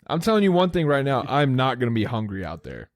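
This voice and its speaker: A man's voice: mid-range voice, very animated, fast talker, dry recording, clean studio sound. A young man co-hosting a podcast, joking and boasting with plenty of swearing. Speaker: podcast co-host. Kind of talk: casual chat.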